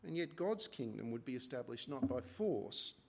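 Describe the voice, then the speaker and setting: A man's voice: medium pitch, lively intonation, normal speed, gravelly. A man preaching an expository sermon in a conversational way, often asking his listeners rhetorical questions. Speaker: pastor.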